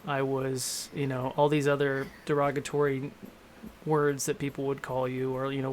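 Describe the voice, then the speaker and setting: A man's voice: mid-range voice, monotone, normal speed, a little hiss or hum. A man in his thirties, a game master and show host, talking candidly in a rambling, self-deprecating way in a casual panel discussion.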